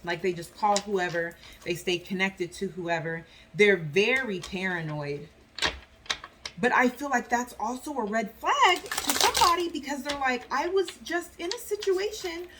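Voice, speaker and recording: Background noise accompanies this woman's higher-pitched voice as she does a laid-back tarot reading for viewers. Her talk is loose and full of fillers, and she keeps slipping into brief impressions of the people and spirits she mentions.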